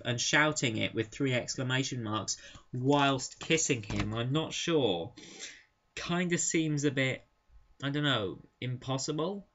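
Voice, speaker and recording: A man's voice: mid-range voice, expressive, a little slow, a bit bright. A young man giving a casual, amused and sarcastic spoken review. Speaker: comic book reviewer. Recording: dull lo-fi recording.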